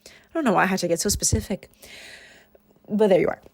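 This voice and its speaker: A woman's voice: mid-range voice, fast, breathy edge. Chatty young woman rambling through her week. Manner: rambling, chatty, self-deprecating. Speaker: planner vlogger. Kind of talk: casual voiceover chat. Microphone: home voiceover mic.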